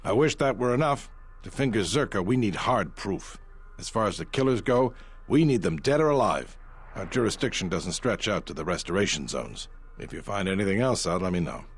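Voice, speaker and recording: A man's voice: lowish voice, lively intonation, fairly quick, slightly rough. An actor playing a stern male station security officer in a video game, speaking curtly and in a businesslike way. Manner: curt, businesslike.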